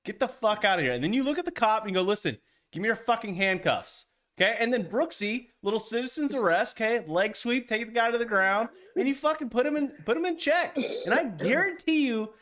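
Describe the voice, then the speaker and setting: Animated, swearing man ranting about golf. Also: sits high, fairly quick. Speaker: podcast co-host. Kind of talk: casual golf podcast chat.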